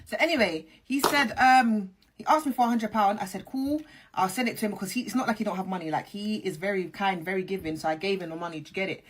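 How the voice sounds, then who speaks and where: A woman's voice: medium pitch, quick pace, a little hiss or hum. A woman, hosting a storytime vlog, talking animatedly and straight to her viewers with plenty of slang. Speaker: channel host.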